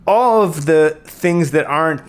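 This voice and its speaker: A man, a podcast host, asking an interview question in a lively, inviting way. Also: on the high side, unhurried, smooth.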